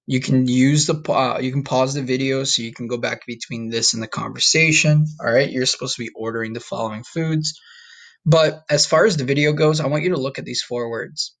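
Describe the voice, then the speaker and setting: A man's voice: medium pitch, steady tone, fairly bright tone. Casual man teaching a recorded lesson. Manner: casual, frequent "okay?" and "all right?" check-ins; slow, drawn-out modeling of Spanish words. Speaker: Spanish teacher.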